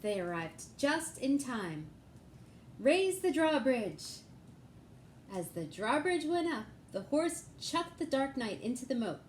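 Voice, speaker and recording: Woman reading a children's story, high voice, lively sing-song, unhurried pace. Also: a little hiss or hum. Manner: expressive, storybook cadence. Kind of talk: reading a picture book aloud.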